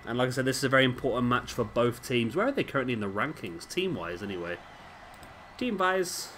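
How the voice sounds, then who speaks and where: A man's voice: medium pitch, lively intonation, fast talker, a bit bright, a little hiss or hum. A man giving casual, rambling commentary over a wrestling video game and often correcting himself. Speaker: gaming commentator.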